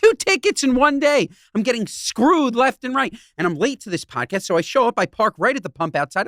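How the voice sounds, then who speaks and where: A man's voice: extremely high pitch, brisk, few pauses, no echo, clean studio sound. A man co-hosting a podcast, ranting in a joking, profane way in casual chat. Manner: animated ranting, profane, jokey. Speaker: podcast co-host.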